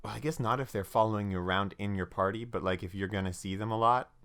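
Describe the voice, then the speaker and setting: A man chats casually about tabletop games on a podcast. He rambles and restarts his sentences often. His voice is low and smooth. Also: quick pace, fairly bright tone, no room sound. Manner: rambling, frequent restarts and filler. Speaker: podcast co-host.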